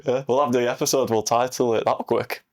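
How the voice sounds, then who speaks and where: A man, co-hosting a casual podcast, jokey and quick to laugh. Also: medium pitch, level tone, a little mellow. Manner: jokey, laughing, brief agreements.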